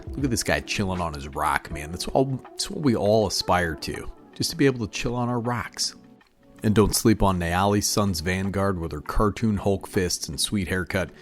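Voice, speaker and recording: A middle-aged man hosting his channel, talking casually and jokingly about card game picks, calling listeners dude and bro. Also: sits low. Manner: laid-back, jokey, calls listeners dude and bro. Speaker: channel host.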